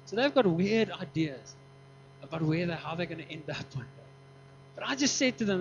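A man preaching a sermon, telling a story with lively acted-out dialogue and frequent laughs. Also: sits high, a little fast. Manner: animated, acts out quoted dialogue, laughs often. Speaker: pastor. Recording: dull lo-fi recording with mains hum.

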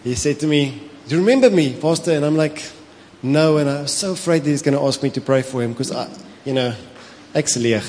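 A pastor with a South African accent, preaching a sermon, telling stories with animation, slipping into Afrikaans and laughing often. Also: male voice, medium pitch, steady tone, a little fast, few pauses, a little mellow, a little hiss or hum. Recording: long hall reverb with faint ambience.

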